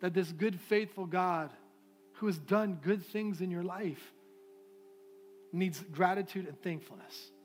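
A man preaching a sermon as pastor of a church, moving from fervent declarations to a softer, prayerful tone. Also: sits high, a little slow, faint music behind. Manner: impassioned preaching, shifting to soft prayerful tones. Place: church sanctuary.

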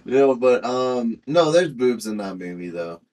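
A young man with a mid-range voice, talking slowly. He co-hosts a casual podcast and stops and restarts often, leaning on "like" and "dude.". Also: mid-range voice, animated, a little mellow. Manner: slow, halting talk with many fillers. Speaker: podcast co-host. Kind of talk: casual chat.

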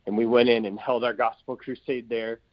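A man's voice: medium pitch, level tone, no echo, muffled recording. A man, an evangelist, telling testimony stories in an interview with emphatic energy and many fillers. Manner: emphatic, rapid-fire storytelling with fillers. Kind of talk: testimony in a talk-show interview.

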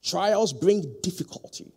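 Man preaching in church, husky voice that jumps way up and down, throws questions at the crowd and gets loud on the big lines. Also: high voice, a little slow. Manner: lively call-and-response preaching, rising to loud emphatic peaks. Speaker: pastor. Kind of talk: sermon. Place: church hall.

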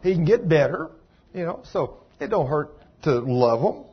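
A man's voice: on the high side, sing-song, moderate pace, breathy edge, dull audio. A man preaching a sermon, swinging into rising, emphatic exhortation as he urges his listeners on.

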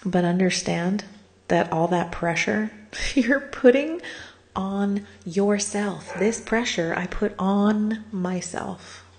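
A woman's voice: mid-range voice, slow, a little mellow. A middle-aged woman telling a personal story in a raw confessional monologue, candid and swearing freely, worn out from crying, at times dropping to a whisper. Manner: candid, swears freely, laughs through pain. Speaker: vlogger sharing a personal story.

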